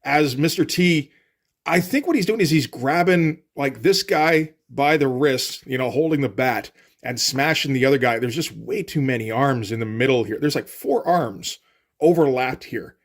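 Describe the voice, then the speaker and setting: A man's voice: mid-range voice, normal speed. A man giving casual, wry commentary while reviewing a comic, rambling with frequent fillers.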